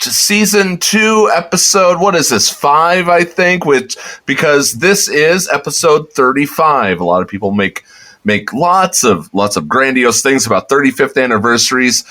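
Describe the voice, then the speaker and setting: A man's voice: medium pitch, bright, forceful tone. A man hosting a podcast, welcoming a guest in a wry, jokey way. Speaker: podcast host.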